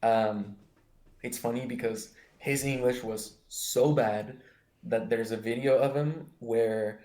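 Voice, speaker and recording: A man's voice: mid-range voice, fairly even intonation, slow pace, warm tone, echoey room, low-quality recording. A young man from Mexico with an American accent, chatting casually as host, rambling with many fillers and restarts. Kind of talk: casual chat.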